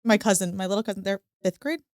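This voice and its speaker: A woman guest on a casual podcast, telling quick anecdotes about her child. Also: mid-range voice, darkish tone, dry recording, clean studio sound. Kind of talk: casual chat.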